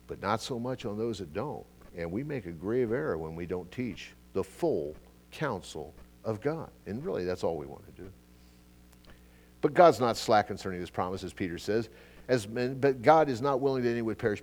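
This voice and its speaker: A middle-aged male pastor preaching a Bible teaching, swinging between loud, emphatic bursts and quiet asides. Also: mid-range voice. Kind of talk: expository sermon.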